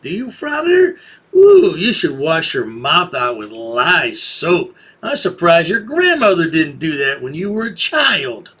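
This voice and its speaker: A man with a high, husky voice delivers sarcastic commentary at an unhurried pace. His pitch swings widely as he taunts, and his tone stays bright and edgy. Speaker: commentary channel host. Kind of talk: mocking video commentary.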